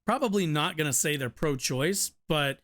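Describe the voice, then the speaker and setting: A young man with a slightly high voice, casually reading a news story aloud on stream. He trips over words, repeats himself and drops muttered asides between sentences. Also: animated, moderate pace, fairly bright tone. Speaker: streamer reacting to an article.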